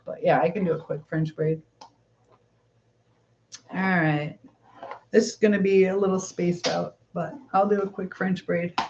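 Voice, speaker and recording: A woman's voice: mid-range voice, lo-fi sound, slight background noise. A woman hosting a casual live-stream chat, answering viewers as she braids her hair.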